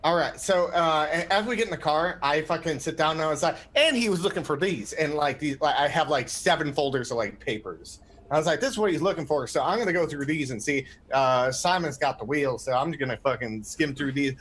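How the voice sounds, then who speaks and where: A man talks through a tabletop horror game in a loose, rambling way. His voice sits a little high, and he swears freely and fills his sentences with fillers. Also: expressive, brisk, few pauses, fairly bright tone. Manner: profane and rambling, with many fillers. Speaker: player. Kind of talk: casual tabletop role-play.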